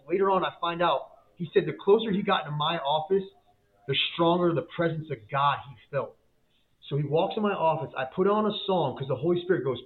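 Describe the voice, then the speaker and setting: A man giving a fervent faith testimony as a guest, in casual slang with frequent repeats and restarts. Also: fairly high pitch. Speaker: guest, business owner. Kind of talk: emotional faith testimony storytelling. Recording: tinny phone-like line.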